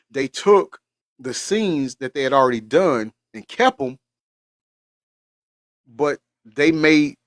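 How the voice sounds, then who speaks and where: A middle-aged man hosts a casual livestream, speaking earnestly and repeating his words for emphasis. His voice sits at an ordinary pitch and keeps choking with emotion. The sound is close and dry, with no room echo. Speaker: livestream host.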